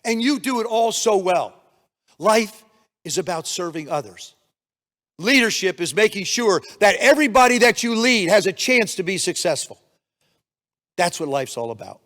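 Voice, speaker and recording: An older man giving a motivational keynote speech, energetic storytelling with acted-out quotes, in a conference room on a handheld mic. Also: high voice, moderate pace. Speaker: keynote speaker. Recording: long reverb of a hall.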